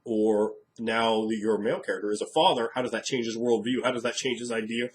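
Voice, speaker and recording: A man's voice: lowish voice, fairly even intonation, fairly quick. A man talking casually about running role-playing games, frank and rambling as he thinks aloud. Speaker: game master. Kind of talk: casual monologue.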